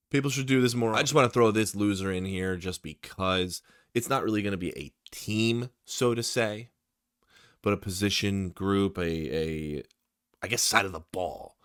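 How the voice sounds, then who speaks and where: A man's voice: sits low, unhurried, clean tone, no room sound, clean studio sound. A man giving casual, opinionated commentary on football draft picks, talking straight to his viewers, tired late at night. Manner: opinionated, excitable, talks to the viewer. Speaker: sports YouTuber.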